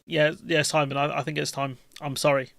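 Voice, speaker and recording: A man's voice: on the high side, little pitch movement, brisk, gravelly, fairly bright tone, dry recording, studio quality. A man, hosting a live stream and chatting casually with his viewers in a jokey, rambling, slangy way.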